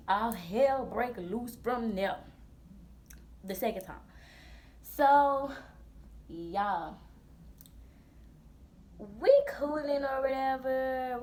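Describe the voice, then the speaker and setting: A woman in her twenties, a vlogger telling a storytime in a blunt, profane, animated way full of slang. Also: a little high, unhurried, pauses often. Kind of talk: storytime vlog.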